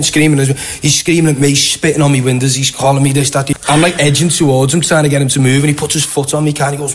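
Male guest, rapid animated storytelling, slightly high voice, lots of fillers. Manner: fast, excitable retelling with repeated fillers. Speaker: interview guest.

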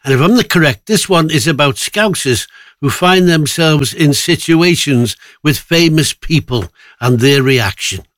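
A man's voice: a little high, lively intonation, a little slow, fairly bright tone, no room sound. A man presenting a casual radio show, chatty and self-mocking. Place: radio studio.

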